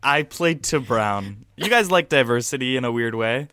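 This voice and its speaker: A woman's voice: very deep voice, animated, normal speed, a bit bright. A woman co-hosting a comedy podcast, teasing her partner with dry one-liners. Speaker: podcast co-host.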